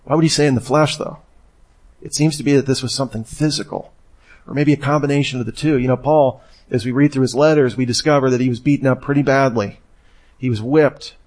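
A man's voice: medium pitch, steady tone, fairly quick, a little mellow. A man preaching a sermon in a conversational teaching manner, acting out the lines he quotes. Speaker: pastor.

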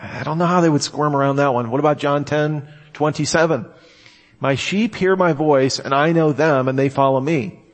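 A man's voice: a little high, normal speed, in a large hall. A man preaching a Bible-teaching sermon, reading verses aloud and arguing through each one. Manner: reads scripture aloud and argues each verse.

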